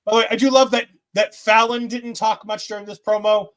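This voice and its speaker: A man's voice: sits high, flat delivery, a little fast. A man co-hosting a casual wrestling post-show, talking animatedly and playfully mocking the people he discusses. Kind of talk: casual chat.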